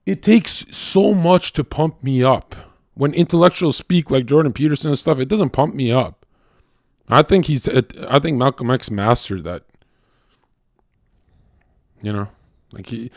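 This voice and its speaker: A man talking to his stream in a casual, animated and profane monologue, swinging between loud rants and quiet asides. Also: medium pitch, no room sound, clean studio sound.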